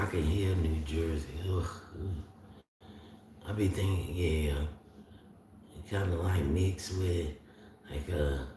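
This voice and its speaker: Southern man streaming live, deep unhurried drawl, very echoey room, far from the mic. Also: darkish tone, a little hiss or hum. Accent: Southern US (north Florida). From Florida, US. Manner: rambling, drawling, talks back to chat. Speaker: livestream host. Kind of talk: casual livestream chat reading comments.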